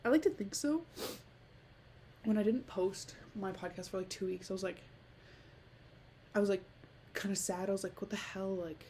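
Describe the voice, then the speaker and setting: A woman's voice: medium pitch, expressive, moderate pace, pauses often, mellow, slight background noise. A teenage girl hosting her own podcast, chatting casually and rambling with lots of "like" and frequent laughter. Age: late teens. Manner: rambling, heavy use of "like", giggly. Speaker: podcast host. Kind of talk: casual solo podcast chat.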